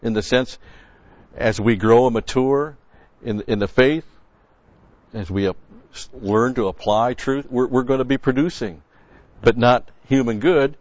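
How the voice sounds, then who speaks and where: A man with a darkish, mid-range voice teaches a sermon verse by verse, unhurried and pausing often. As a Bible teacher he repeats key words for emphasis and explains the original grammar, on a dull, dry lo-fi recording without echo.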